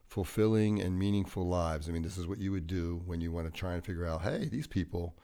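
A man co-hosting a podcast, talking in a relaxed, rambling and jokey way. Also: sits low, brisk. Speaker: podcast co-host. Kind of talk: casual podcast chat.

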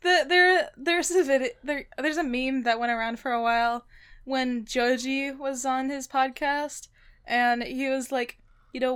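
A woman's voice: high-pitched, unhurried, clean tone. A young woman co-hosting a podcast, telling stories in casual chat with lots of giggling. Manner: giggly, animated storytelling. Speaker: podcast co-host.

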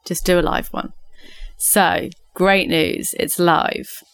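A woman's voice: lowish voice, fairly even intonation, slow pace, clean tone, no echo. A woman co-hosting a comedy podcast, gleefully telling a silly prank story and laughing at her own jokes. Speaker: podcast co-host. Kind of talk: comic storytelling chat.

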